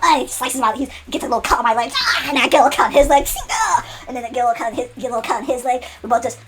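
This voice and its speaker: A woman telling an improvised story in an excitable, rambling way, stumbling and repeating herself. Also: sits high, racing, music in the background.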